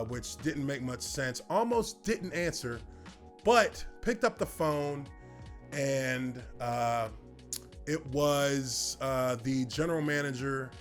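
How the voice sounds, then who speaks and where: A man in his thirties telling a personal story in casual talk, relaxed and rambling with lots of fillers. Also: medium pitch. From United States. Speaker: former football player telling his story.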